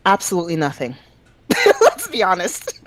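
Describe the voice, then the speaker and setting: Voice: mid-range voice, huge pitch swings, moderate pace, a bit bright, poor audio. A podcast guest speaking casually and emphatically, full of fillers, about their own language business. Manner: opinionated, emphatic, frequent fillers.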